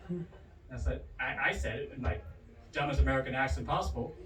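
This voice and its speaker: A man doing a stand-up comedy set at a bar comedy night, animated and swinging his pitch hard for punchlines. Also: brisk. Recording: roomy, distant bar recording with audience. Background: crowd laughter.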